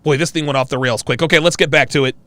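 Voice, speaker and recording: A man hosting a casual live-stream chat, reacting excitedly with loud exclamations. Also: a little high, rapid-fire, dry recording.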